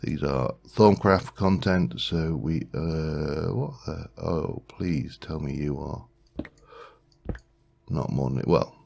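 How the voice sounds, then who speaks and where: A man's voice: rumbling low, takes it slowly, creaky, a little mellow, husky. A man hosting a let's play, musing aloud in casual gameplay commentary, rambling with frequent restarts.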